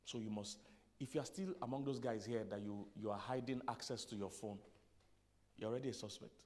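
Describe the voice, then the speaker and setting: A man's voice: lowish voice, brisk, a little mellow. A man, a pastor giving a humorous sermon to men, conversational, laughing at his own punchlines and dropping to near-whispers for asides. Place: church conference hall.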